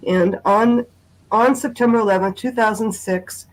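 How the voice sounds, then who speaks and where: A woman speaking as a guest on a video call, sharing a personal account in a halting way with many pauses and restarts. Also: mid-range voice, rough recording. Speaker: guest sharing a family memory.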